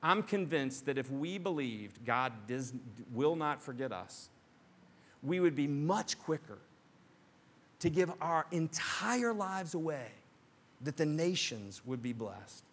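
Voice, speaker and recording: Animated bright-voiced male pastor preaching. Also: fairly high pitch, takes it slowly. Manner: animated, conversational, acts out quoted voices. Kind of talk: sermon.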